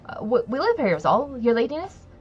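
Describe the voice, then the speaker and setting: A woman's voice: fairly high pitch, big pitch swings, fairly quick, lo-fi sound, pitched above the performer's own voice. A woman voicing a humble, folksy tunnel-dweller who rambles on deferentially, calling the listener "your ladiness.". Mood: folksy chatty.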